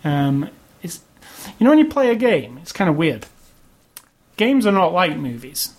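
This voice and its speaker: A man's voice: fairly high pitch, big pitch swings, unhurried. A man casually chatting about video games as a podcast co-host, opinionated and rambling. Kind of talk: casual chat.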